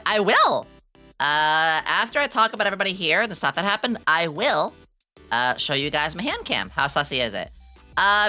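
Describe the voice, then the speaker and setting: Young woman, casual chat stream, low-pitched, very lively intonation, giggly, excitable, swears. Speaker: VTuber streamer.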